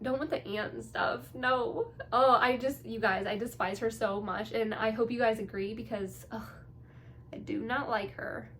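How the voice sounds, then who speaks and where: Young female vlogger, fairly high voice, bubbly and gushing, casual chat, faint hiss behind. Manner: gushing, bubbly, full of "like" and "you guys". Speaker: TV reaction vlogger.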